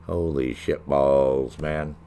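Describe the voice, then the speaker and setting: A man's voice: rumbling low, steady tone, takes it slowly, creaky, dark tone, slight background noise. A middle-aged man streaming a video game, joking and swearing as he banters with his chat. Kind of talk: live gameplay commentary.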